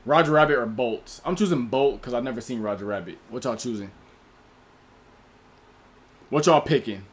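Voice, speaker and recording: A man's voice: medium pitch, moderate pace. Guy streaming live, reads off chat names and picks, talks loose and slangy. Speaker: livestream host. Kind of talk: casual livestream chat.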